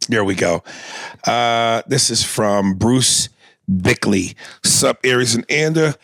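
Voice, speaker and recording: Male podcast co-host, gravelly texture, blunt and profane, dry close sound. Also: medium pitch, slow, fairly bright tone, no room sound. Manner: profane, blunt, reads aloud with acted bits. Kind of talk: casual podcast chat, reading listener emails.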